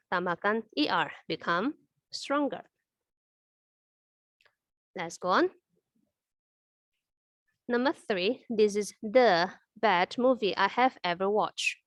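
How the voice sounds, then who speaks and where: A woman's voice: mid-range voice, no room sound. A young woman with an Indonesian accent teaching English grammar. She spells words out letter by letter and moves back and forth between two languages. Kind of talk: classroom grammar lesson.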